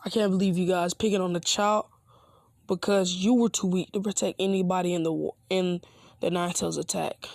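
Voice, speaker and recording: A man doing a calm, defiant young ninja boy. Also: sits high, normal speed, vocal fry, dry recording, clean studio sound.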